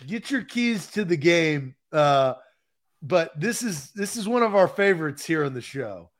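An upbeat man hosting a casual morning sports talk show. He laughs often and talks in a fairly high voice. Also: big pitch swings, unhurried. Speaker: host.

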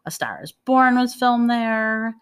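A woman's voice: on the high side, very animated, slow, clear, resonant tone. A woman with a nasal Detroit accent, co-hosting a podcast and telling stories in rambling, chatty conversation. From Michigan. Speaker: podcast co-host. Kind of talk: casual chat.

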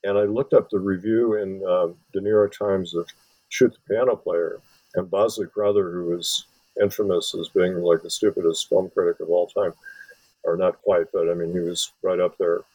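A man's voice: low-pitched, fairly even intonation, normal speed, warm tone, slightly rough, no room sound, poor audio. A man from Wisconsin, an author and film scholar, giving long rambling interview answers full of restarts. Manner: rambling, many restarts and fillers.

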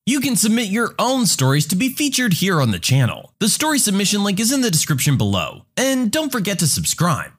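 A man narrating reader-submitted stories in an animated, expressive storytelling manner. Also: high voice, brisk, few pauses, breathy edge.

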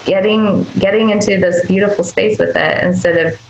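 A woman's voice: medium pitch, fairly even intonation, normal speed, creaky, echoey room, a little hiss or hum, poor audio. A woman speaking as the guest doctor in a podcast interview, earnest and emphatic, sometimes acting out tender quoted asides.

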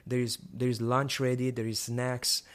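Animated young man telling a story. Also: medium pitch, moderate pace. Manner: animated, many restarts and rising emphasis. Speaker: guest sharing a testimony. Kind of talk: personal storytelling.

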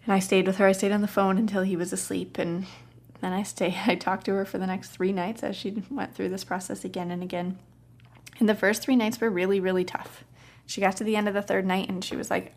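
A woman hosting a parenting podcast who tells a coaching story in a calm, gentle, soft-spoken way. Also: medium pitch, a little fast. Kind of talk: casual storytelling.

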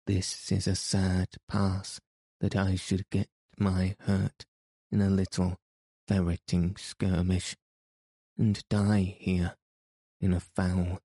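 Man reading as a dying baron, deep low voice, slow and grave, archaic formal speech, audiobook. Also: mellow, no room sound, clean studio sound. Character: wounded dying male English baron, proud and gloomy.

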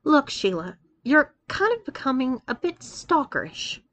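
A timid young male college student, voiced by a woman narrator, nervous and pleading as he stammers through his lines. The voice sits a little high, in a plain audiobook-style story reading. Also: sing-song, a little slow, a bit bright, exaggerated voice.

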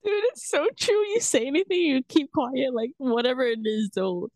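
A woman's voice: high voice, very animated, moderate pace, darkish tone, no echo. A woman co-hosting a podcast in casual chat, laughing often as she shares memories. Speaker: podcast co-host.

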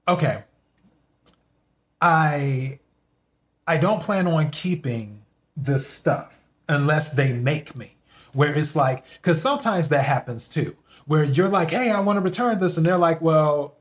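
A man hosting a podcast, telling a story in a casual, meandering monologue and acting out his own thoughts in quotes. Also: medium pitch. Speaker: podcast host.

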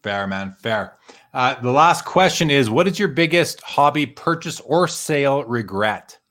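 A man's voice: medium pitch, animated, a little slow, fairly bright tone. A man hosting a live interview show in a friendly, conversational manner. He asks questions and reads out viewer comments. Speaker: host.

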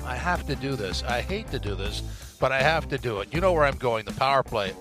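A man's voice: medium pitch, animated, brisk, a bit bright, soft background music. Emphatic male sports podcast host. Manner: emphatic, exclaiming verdicts.

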